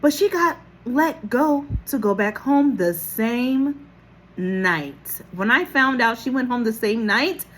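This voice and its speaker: A woman with a slightly high voice records herself on her phone, telling a personal story in a loose, chatty way. She is animated, laughs often, swears casually and acts out what other people said. A faint hiss sits behind her voice. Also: takes it slowly. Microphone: phone camera.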